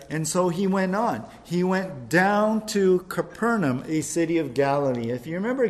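Lively, slightly high-voiced male pastor. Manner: lively, conversational preaching with jokes. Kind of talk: Bible study sermon.

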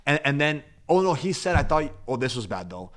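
A man's voice: a little high, very animated, brisk, fairly bright tone. A young man casually telling a rambling story among friends, full of "like" and restarts.

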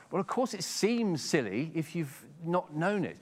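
A man's voice: high voice, big pitch swings, normal speed, hardly any pauses. A middle-aged Englishman with an English accent preaching a sermon in a conversational way, often repeating words as he starts a sentence. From England.

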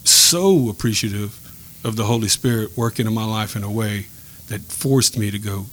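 A man sharing a personal faith story in a podcast chat, earnest and reflective, pausing and restarting as he speaks. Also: lowish voice, fairly bright tone. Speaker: guest telling a faith story.

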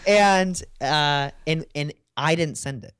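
A man's voice: fairly high pitch, takes it slowly, fairly bright tone, clean tone, dry recording, studio quality. A man in a casual interview, telling work stories in a conversational way with frequent fillers. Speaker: guest.

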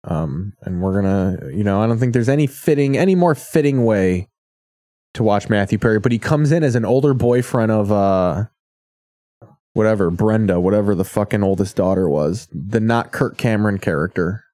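A man's voice: on the low side, expressive, moderate pace, mellow, no room sound. Profane rambling male podcast host. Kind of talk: crude comedy banter.

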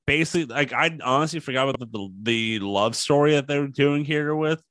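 A man's voice: fairly high pitch, fairly quick, a bit bright, dry recording. Rambling guy in a dry room. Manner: rambling, restarts, acts out quotes. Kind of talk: casual movie chat.

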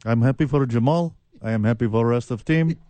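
A man doing a clipped, deadpan impression of a laid-back male basketball star talking in broken English. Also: mid-range voice, fairly quick, no room sound, close to an everyday voice. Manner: flat clipped speech with dropped words.

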